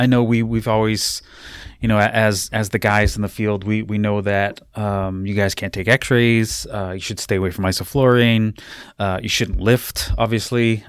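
A man hosting a casual podcast, asking questions in a halting, easygoing way with many repeated words. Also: lowish voice, no room sound, clean studio sound. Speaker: podcast host.

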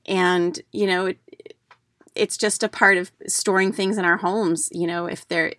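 A woman's voice: lowish voice, fairly even intonation, a little slow, fairly bright tone, no room sound, studio quality. A middle-aged woman from the United States who hosts a podcast, talking casually as a declutter coach in a chatty storytelling way, with fillers and restarts.

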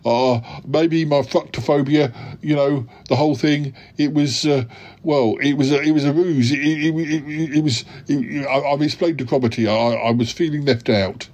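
A man's voice: fairly high pitch, steady tone, moderate pace, darkish tone, lo-fi sound, close to an everyday voice. A man voicing a stammering, attention-seeking yeti uncle who repeats his words. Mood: evasive.

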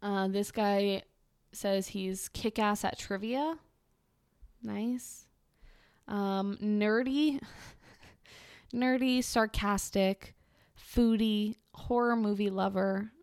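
A woman's voice: mid-range voice, fairly even intonation, drawn-out words, pauses often, a little mellow, smooth. A young woman hosting a podcast, reading dating profiles aloud and mocking them with a sarcastic, wry delivery. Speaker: podcast host. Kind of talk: casual podcast commentary.

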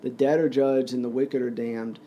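Man reading a streetwise teenage boy, blunt, dark tone, faint hiss. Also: medium pitch, level tone, normal speed, muffled recording, lightly acted. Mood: grim.

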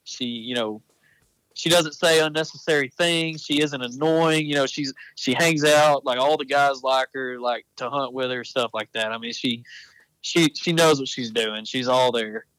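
A man's voice: mid-range voice, moderate pace, a bit bright, clean tone, no echo, rough recording. A man telling hunting stories in casual podcast chat, rambling and correcting himself as he goes. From Texas. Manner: rambling, self-correcting storyteller. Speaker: podcast guest, apparel company founder.

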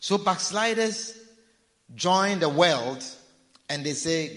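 Man preaching a sermon, kinda high voice, lots of repeating, big echoey hall. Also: animated, slow pace, long pauses, fairly bright tone. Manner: preaching with repetition and acted-out pleading. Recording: long reverb of a large hall.

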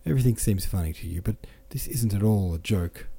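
Indignant young woman, dark low voice, read by a man. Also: fairly quick, gravelly, husky.

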